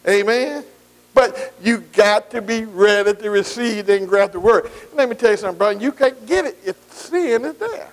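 A man's voice: high voice, normal speed. A man. He talks to the congregation in a folksy way, with call-and-response and many amens. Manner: folksy call-and-response preaching, frequent "amen". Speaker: pastor. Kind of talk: sermon.

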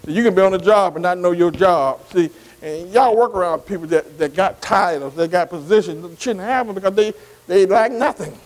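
An older preacher with a high-pitched voice, working through scripture in a loose, conversational sermon. He keeps checking in with his listeners, tossing in "see?" and "amen" between his points. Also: a little fast, low-quality recording. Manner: repetitive call-and-response, many "see" and "amen" asides. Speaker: pastor. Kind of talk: bible study sermon.

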